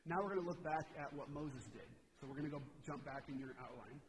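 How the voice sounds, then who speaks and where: Male pastor, slightly high voice, relaxed conversational sermon, reverberant hall with audible ambience behind. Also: quick pace, a little hiss or hum. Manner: casual, rhetorical "right?" asides.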